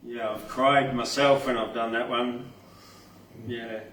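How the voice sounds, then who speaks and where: Male poet, low and slow, chatty, far mic in a roomy restaurant. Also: fairly even intonation. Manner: unhurried, chatty, many ums, laughs easily. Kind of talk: poetry reading and chat. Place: restaurant indoors. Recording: roomy distant mic, faint noise.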